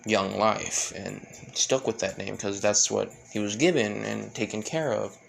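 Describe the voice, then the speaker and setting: A man's voice: on the low side, fairly even intonation, a little slow, gravelly, a bit bright, a little hiss or hum, full character voice. A man voicing a comedic young male fighter who acts like a proud, tearful big brother, dramatic and over the top. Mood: explaining.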